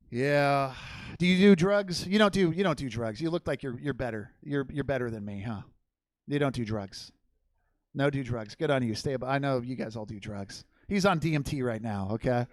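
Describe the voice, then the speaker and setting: Loud, profane young stand-up man. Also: high voice, animated, a little fast, dry recording. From Portland, Oregon. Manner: loud, rambling and profane, laughing at his own jokes. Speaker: stand-up comedian. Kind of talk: stand-up crowd work and storytelling. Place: comedy theater stage.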